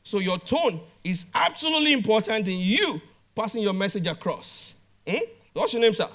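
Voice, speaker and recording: His high, fairly bright voice sounds animated as he addresses a business conference in a conference hall at normal speed. The motivational talk is emphatic and direct, with repeated phrases and frequent call-outs to the audience.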